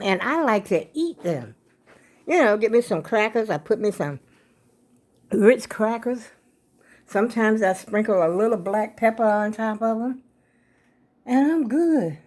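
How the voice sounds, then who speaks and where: A woman's voice: fairly high pitch, darkish tone, a little hiss or hum. An older woman, chatting casually to her viewers in a rambling way, a bit out of breath. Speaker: vlogger. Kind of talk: casual vlog chat.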